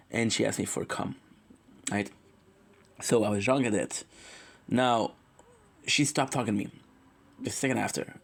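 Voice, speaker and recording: A man's voice: fairly low pitch, breathy edge. Rambling man confessing on a livestream. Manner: rambling, emotional, often corrects himself.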